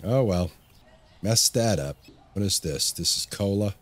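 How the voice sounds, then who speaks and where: A gaming channel host with a lowish voice and lively intonation speaks a little slowly while narrating a casual let's-play as he plays. He talks to himself and tends to repeat words when the action gets busy and the pressure is on.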